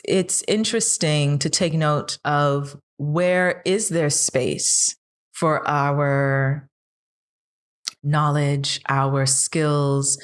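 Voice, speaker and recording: A woman in her thirties with a notably low voice, chatting on a podcast. She talks earnestly and keeps pressing questions, building steam as she goes. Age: 30s. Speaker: podcast co-host. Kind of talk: casual chat.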